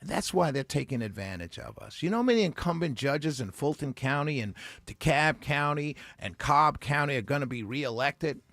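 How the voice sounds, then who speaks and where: Male talk radio host, fired-up sarcastic rant, gravelly and somewhat high, dry studio sound. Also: lively intonation, normal speed, hardly any pauses, fairly bright tone, dry recording, faint music behind. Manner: heated, sarcastic, laughs between points. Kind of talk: impassioned on-air rant.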